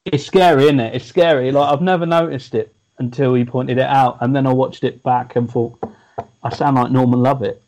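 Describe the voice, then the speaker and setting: Bloke, podcast co-host, rambling storyteller, loose casual chat. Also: male voice, medium pitch, fairly even intonation, fairly quick, few pauses, darkish tone.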